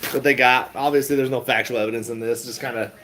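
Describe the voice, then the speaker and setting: A man's voice: medium pitch, steady tone, quick pace, a bit bright, a little hiss or hum, rough recording. A middle-aged man chatting casually to viewers, laid-back and rambling, laughing often. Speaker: stock vlogger. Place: around his retail shop and car.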